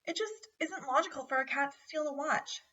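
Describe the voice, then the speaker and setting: A woman's voice: high voice, brisk, sharp tone, pitched above the performer's own voice. A woman reading aloud and voicing a careful, doubting young boy who speaks with skeptical wonder. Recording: dull, distant home recording.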